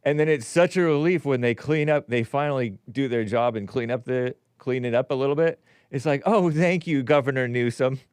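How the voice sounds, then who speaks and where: A man's voice: medium pitch, brisk, darkish tone, clear, resonant tone, dry recording, studio quality. A man hosting a call-in show, chatting casually and agreeably, chuckling often.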